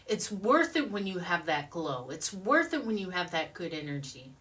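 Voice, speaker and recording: A woman's voice: lowish voice, sing-song, moderate pace, a bit bright, distant mic. A woman giving a motivational talk in a studio, speaking emphatically and repeating affirmations in rhythmic chants.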